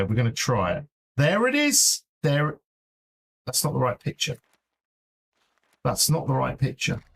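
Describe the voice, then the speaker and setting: Husky-voiced man muttering while streaming. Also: mid-range voice. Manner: mutters to himself while searching files, fretful. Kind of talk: casual live-stream commentary.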